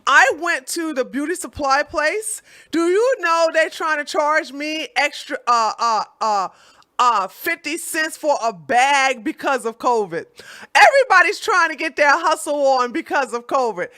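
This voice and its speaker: A woman with a high, bright, clear voice vents to her viewers about everyday annoyances. She tells the story casually and with real exasperation, speaking straight to them as if they were friends. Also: animated, measured pace. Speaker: vlogger.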